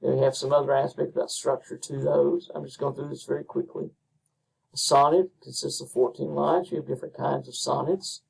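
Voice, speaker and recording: Gravelly man lecturing from a distance. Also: medium pitch, flat delivery, a little mellow. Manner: unhurried, with frequent ums and uhs. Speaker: instructor. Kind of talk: recorded lecture.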